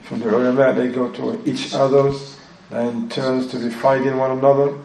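A man's voice: medium pitch, flat delivery, moderate pace, creaky, darkish tone, a little hiss or hum. A man giving a religious lesson in English with a non-native accent, often switching into Arabic phrases and recitation. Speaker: Islamic teacher. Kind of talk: religious lesson explaining a text. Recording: echoey room, voice from far off.

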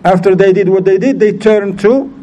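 Storytelling teacher in a mellow voice, faint hiss. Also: male voice, high voice, normal speed, low-quality recording. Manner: storytelling with questions to the audience, acts out voices. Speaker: Islamic teacher. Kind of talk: informal religious lesson.

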